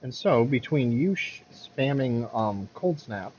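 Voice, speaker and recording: A man's voice: mid-range voice, expressive, slow pace, darkish tone, highs cut off, slight background noise. Rambling man commentating his gameplay. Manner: rambling, self-correcting, mutters at the game. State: has the hiccups.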